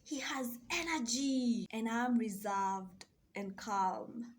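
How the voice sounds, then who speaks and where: A woman coach sharing a slow, soft and deliberate reflective monologue. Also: a little high. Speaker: self-love and mindset coach.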